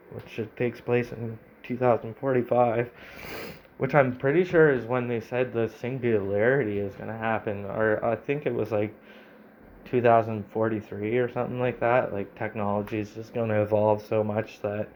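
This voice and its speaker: A man's voice: on the low side, fairly even intonation, normal speed, slight background noise. A man reading a text adventure aloud and commenting, rambling and saying "like" a lot. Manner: rambling, heavy use of "like". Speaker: video game commentator. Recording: slightly dull lo-fi recording.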